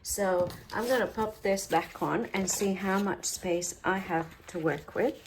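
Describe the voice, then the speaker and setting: A woman's voice: mid-range voice, unhurried, a little hiss or hum. A woman giving a casual step-by-step craft tutorial from her home workspace, chatting as she works and dropping offhand asides. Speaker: crafter demonstrating a project.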